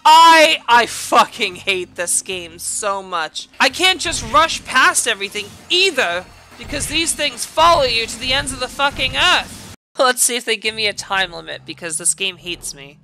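A woman hosting a gaming video, giving loud, furious gameplay commentary full of swearing. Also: fairly high pitch, lively intonation, moderate pace, soft background music.

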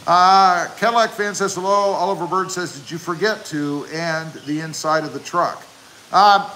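Chatty guy doing a livestream, reads chat and jokes around, kinda bright higher voice, faint hiss behind. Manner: chatty, self-promoting, jokey asides. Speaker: channel host reading live chat.

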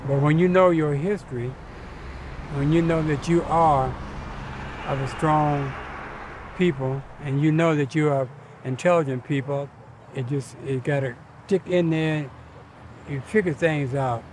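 An older man speaks in a slightly higher-than-usual voice and tells his own story in a relaxed, colloquial way. He slips into the voices of the people he quotes, and a faint hiss sits behind him. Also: measured pace, long pauses. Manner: colloquial, laid-back, acts out quoted voices. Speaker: interviewee, cowboy. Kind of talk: casual storytelling interview.

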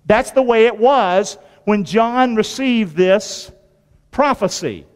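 A man with a high voice delivers a sermon slowly, the church's long hall reverb trailing each line. As pastor, he asks his congregation questions and repeats phrases for folksy emphasis, with abrupt rises and drops.

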